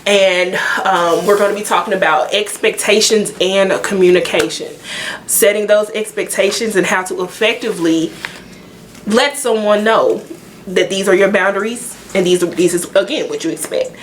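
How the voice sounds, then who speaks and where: A woman's voice: medium pitch, normal speed. A woman co-hosting a podcast, introducing the topic in a casual, bubbly way. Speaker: podcast co-host. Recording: noisy background hiss.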